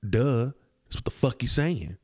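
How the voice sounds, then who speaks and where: A man with a low voice talks into a close mic in a dry, dead room. His commentary is blunt and indignant, full of cursing and repetition. His pitch swings widely as he presses his point. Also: very animated, a little slow, dry recording. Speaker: podcast host. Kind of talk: commentary on a video clip.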